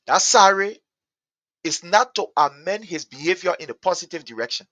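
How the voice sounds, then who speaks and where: A man with a Liberian English accent delivers fired-up political commentary as a talk host, repeating his points and rising to shouts. His voice sits high and sounds bright and cutting, recorded close and dry. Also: animated, normal speed, dry recording. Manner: impassioned, repetitive, builds to shouting.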